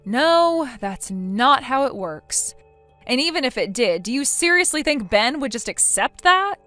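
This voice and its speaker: A woman's voice: sits high, very animated, measured pace, pushed and bright, soft background music, full character voice. A synthetic woman's voice playing a blunt young woman who lectures her friend sternly in a text-message story. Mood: scolding. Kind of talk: text-to-speech text story narration.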